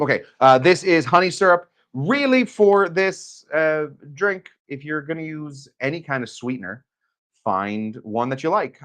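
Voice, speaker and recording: A man's voice: medium pitch, a bit bright. A man from Arizona hosting a casual live cocktail demo from a hotel room, talking in a rambling, chatty way with many fillers. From Arizona, USA. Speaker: cocktail channel host.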